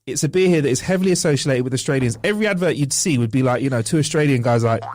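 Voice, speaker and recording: A man's voice: mid-range voice, very fast, darkish tone, no room sound, clean studio sound. A man from the United Kingdom co-hosting a comedy podcast in casual chat, jokey and laughing often. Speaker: podcast co-host.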